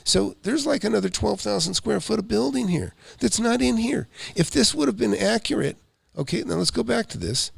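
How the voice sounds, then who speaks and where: Gravelly-voiced man telling a story. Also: sits high, no echo, studio quality. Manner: animated, rambling storytelling with quick asides. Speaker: real estate investor and host. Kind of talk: casual storytelling on a live show.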